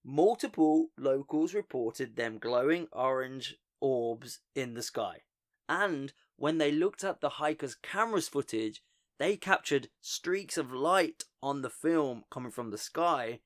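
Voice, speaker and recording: A man's voice: medium pitch, lively intonation, slow. A man hosting a podcast, telling a story in a casual, joking way and often laughing at his own asides. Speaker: podcast host.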